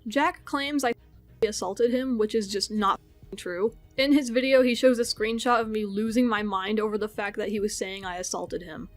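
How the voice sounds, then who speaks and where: A woman's voice: mid-range voice, steady tone, normal speed, soft background music. A young woman answering accusations in a response video, defensive, blunt and emphatic. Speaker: video creator.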